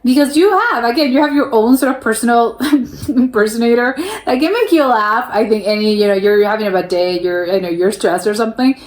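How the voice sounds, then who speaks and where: A woman's voice: fairly high pitch, a little fast. A young American woman hosting a casual reaction video, chatty, restarting her sentences often and laughing as she talks. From United States. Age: young adult. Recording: roomy echo.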